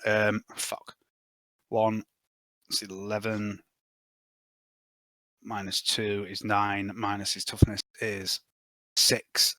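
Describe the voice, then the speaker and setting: A man running a tabletop game as game master, briskly tallying dice and narrating gory combat. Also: on the low side, completely flat delivery, sharp tone, no echo. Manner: brisk, swearing, tallies dice aloud.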